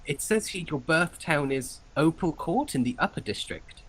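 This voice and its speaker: A man's voice: on the high side, lively intonation, moderate pace, a bit bright, voice pushed up, poor audio. A man voicing a nervous, overly polite male information clerk who stammers and apologizes. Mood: flustered.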